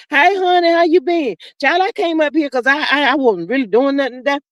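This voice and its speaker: In a dry recording, a woman with a high, fairly bright voice hosts a live stream, chatting loosely and reading comments aloud with sass and folksy charm. She addresses listeners as "honey" and "child," draws out her filler words, and laughs a lot.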